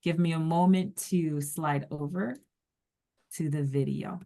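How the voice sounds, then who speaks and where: Low-voiced woman leading a workshop. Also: fairly even intonation, a little slow, gravelly, dark tone. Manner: conversational, poses questions to participants. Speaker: workshop facilitator. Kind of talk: workshop lecture.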